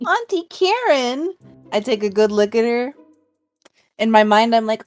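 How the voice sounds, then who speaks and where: A woman playing a character in a tabletop game, excitable and playful. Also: a little high, a little slow, pauses often, faint music behind. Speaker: player. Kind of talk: tabletop role-play.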